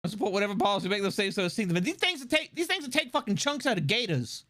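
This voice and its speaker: Male streamer, high lively voice, bright tone, swears a lot, casual chat. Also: very fast. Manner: animated, profane, laughing often.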